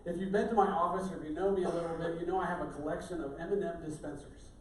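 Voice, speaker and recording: A middle-aged pastor with a slightly high voice preaches at a racing pace, his tone steady as he jokes and chats with the congregation. He's in a church sanctuary, captured by a distant mic in an echoey room with a little hiss or hum.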